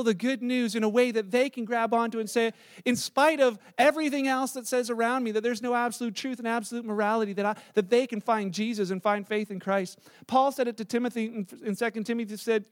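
High-voiced man preaching conversationally. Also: fairly even intonation, fairly quick, no echo, studio quality. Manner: conversational, storytelling with asides and restarts. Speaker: pastor. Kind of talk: sermon.

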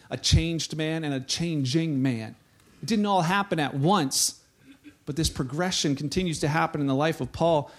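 A pastor preaching a sermon in a conversational, animated way, speaking straight to his congregation. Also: high-pitched.

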